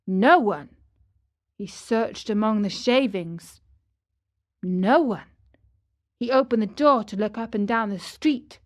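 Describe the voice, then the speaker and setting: A woman reading a fairy tale aloud clearly and deliberately for English learners. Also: mid-range voice. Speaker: storyteller.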